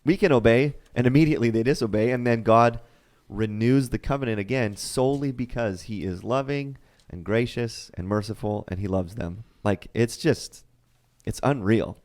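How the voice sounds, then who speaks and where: A man co-hosting a church podcast in casual chat, retelling scripture stories with lively acted quotes and frequent laughs. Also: mid-range voice, normal speed. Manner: animated, acts out quotes, laughs often. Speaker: podcast co-host.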